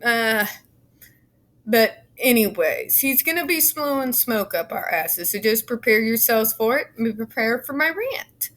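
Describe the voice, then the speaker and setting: A woman with a somewhat high voice reads a report aloud for her channel and tears into it between passages. She is fiery and sarcastic, swears freely, and sometimes stumbles over her words. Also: expressive, takes it slowly, a bit bright. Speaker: YouTube commentator. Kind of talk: reading a report aloud with ranting commentary.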